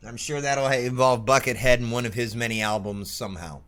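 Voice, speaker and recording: Bright-voiced joking male streamer. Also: medium pitch, steady tone, a little fast, soft background music. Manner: joking, swearing, rambling. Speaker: streamer and show host. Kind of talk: casual stream chat.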